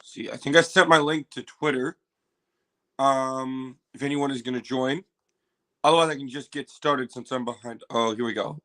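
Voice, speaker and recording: A man hosting a casual livestream, chatting to viewers, repeating himself and bursting into loud exclamations and swearing. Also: medium pitch, normal speed. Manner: excitable, exclaims and swears loudly. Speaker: livestream host reacting to a trailer.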